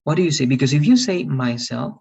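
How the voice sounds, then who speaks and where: A man's voice: fairly high pitch, animated, a little fast, gravelly, a little mellow, breathy edge. A man teaching an English lesson, patiently explaining grammar step by step and asking his student questions. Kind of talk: online class lesson. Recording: distant lo-fi mic.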